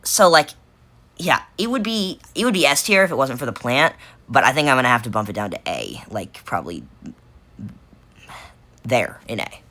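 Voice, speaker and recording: A woman's voice: a bass voice, sing-song, moderate pace, pauses often, a bit bright. A woman giving casual unscripted commentary while ranking game cards, rambling and correcting herself with lots of fillers.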